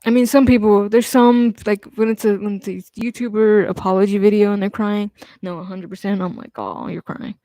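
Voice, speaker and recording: A man chatting casually on a livestream, rambling and hesitant with lots of fillers, restarts and casual swearing, often trailing off quietly. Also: high voice, level tone, a little fast, hardly any pauses, dry recording.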